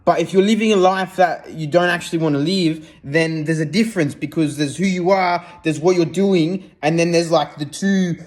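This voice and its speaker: A man's voice: a little high, moderate pace, hardly any pauses, a little mellow. An Australian man giving a raw, unscripted self-help talk in a casual, sweary way, checking in with "okay?" often.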